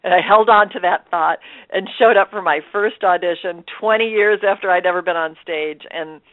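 Over a tinny, dry phone line, a stage and screen actor tells her personal story as an interview guest. Her voice is lowish, her pace moderate, with no echo. She's expressive, laughs often, and acts out her own thoughts as quotes.

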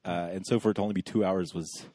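A man's voice: deep voice, steady tone, fast talker, warm tone, no echo. A man co-hosting a podcast, chatting wryly in a casual movie review. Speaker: podcast co-host.

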